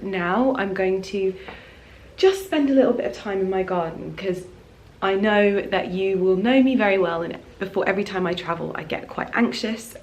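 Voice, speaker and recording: A woman in her thirties from England, chatting casually and gushingly to camera while vlogging outdoors in her home garden. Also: medium pitch. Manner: chatty, gushing, restarts and trails off. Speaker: lifestyle vlogger. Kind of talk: casual vlog chat.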